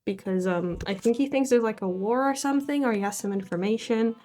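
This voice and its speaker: A woman's voice: fairly high pitch, fairly quick, dark tone. A woman vlogger casually summarizing a book, rambling and self-deprecating, laughing often as she talks. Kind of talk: casual chat.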